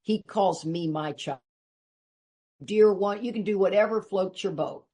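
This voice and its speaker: A woman's voice: a little slow, mellow. An older woman from Texas with a Texan accent, giving an earnest, emphatic personal share at a recovery meeting. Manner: earnest and emphatic, rising in pitch when urging listeners.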